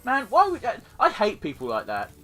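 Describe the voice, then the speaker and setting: Guy rambling through a game playthrough, swears a lot, slightly high voice, some music in the back. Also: huge pitch swings, brisk, pushed and bright. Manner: rambling, profane, self-deprecating. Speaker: let's play host. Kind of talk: casual gameplay commentary.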